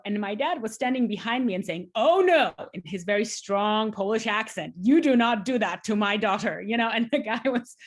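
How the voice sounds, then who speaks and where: A woman in her forties speaks as an interview guest, recounting her working life. Her delivery is emphatic and grows animated when she is excited. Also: on the high side, slightly rough. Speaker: guest scientist. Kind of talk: conversational interview storytelling.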